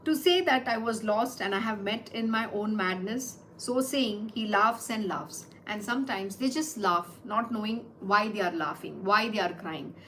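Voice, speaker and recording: A woman's voice: mid-range voice, moderate pace, hardly any pauses, sharp tone, a little hiss or hum, rough recording. A woman explaining scripture verses line by line, repeating phrases and asking rhetorical questions. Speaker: spiritual teacher.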